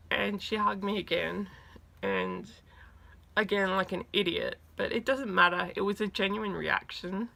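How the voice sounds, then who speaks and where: A woman vlogger excitedly telling a story in a casual, chatty way, with lots of fillers. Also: fairly low pitch, normal speed, vocal fry.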